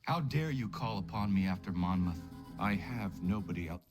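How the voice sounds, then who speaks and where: An actor playing a proud, resentful officer answering an unwelcome summons with indignation. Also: male voice, deep voice, animated, normal speed, music in the background. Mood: indignant.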